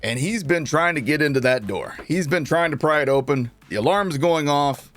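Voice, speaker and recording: A man's voice: fairly high pitch, normal speed, no echo, soft background music. A man streaming a game, casually telling his chat a long story, laughing and acting out what people said. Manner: animated, laughing, acts out quotes.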